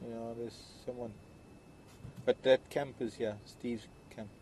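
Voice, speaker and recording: A man giving relaxed, rambling live commentary as a safari guide, talking to viewers from an open vehicle outdoors. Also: medium pitch, slow. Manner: chatty and rambling, speaking aside to viewers. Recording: loud vehicle and outdoor noise. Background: engine and outdoor ambience.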